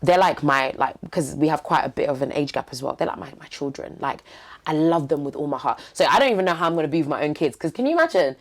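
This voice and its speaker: Low gravelly young woman. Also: animated, fast. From East London. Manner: heartfelt, emphatic, slangy. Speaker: podcast guest. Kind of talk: candid interview talk.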